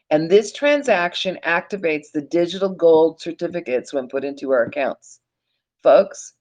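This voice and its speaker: A woman presenting an animated teaching monologue, speaking emphatically, calling listeners "folks" and swearing casually. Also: on the low side, highs cut off. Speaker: online presenter.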